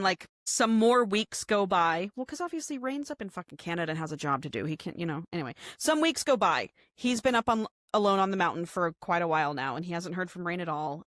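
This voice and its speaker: A woman's voice: fairly low pitch, dry recording, clean studio sound. A woman co-hosting a podcast, retelling a book in casual slang with a lot of swearing. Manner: animated storytelling, heavy swearing, slangy. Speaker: podcast co-host. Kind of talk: casual book recap chat.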